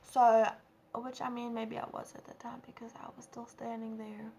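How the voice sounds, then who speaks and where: A young woman with a South African accent telling a storytime vlog, animated and acting out quotes. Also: moderate pace, slight background noise. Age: young adult. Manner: animated, acts out quotes with big pitch jumps. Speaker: vlogger. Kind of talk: casual storytime.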